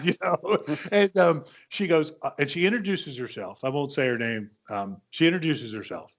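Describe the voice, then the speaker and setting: A man's voice: fairly high pitch, animated, moderate pace. A man in his fifties hosting a podcast, telling a long story in a casual, rambling way and acting out the lines of the people in it. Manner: rambling anecdotes with quoted dialogue, frequent restarts. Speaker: podcast host.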